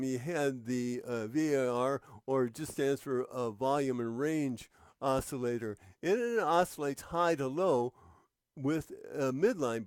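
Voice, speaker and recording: A man walks through a trading chart at a slow, deliberate pace, often pausing on "uh" and restarting his words. His voice sits at an ordinary middle pitch. The recording is dry and close, with no room sound around it. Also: darkish tone, dry recording. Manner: unhurried, explanatory, frequent "uh" fillers and restarts. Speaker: trading instructor. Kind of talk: screen-share tutorial narration.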